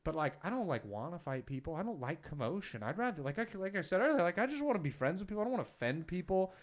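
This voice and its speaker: A man's voice: high-pitched, big pitch swings, fast talker. Rambling young man telling a story. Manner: rambling storyteller, heavy filler "like", acts out quotes loudly. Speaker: podcast host and stand-up comic. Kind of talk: casual chat.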